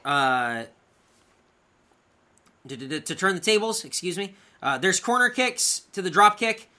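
A man co-hosting a podcast, recapping wrestling matches in casual chat and acting out the wrestlers' lines in loud bursts. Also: sits high, animated, measured pace. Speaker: podcast co-host.

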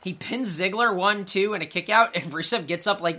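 A man co-hosting a podcast, recapping wrestling matches in casual chat and acting out the wrestlers' lines in loud bursts. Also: high-pitched, brisk. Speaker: podcast co-host.

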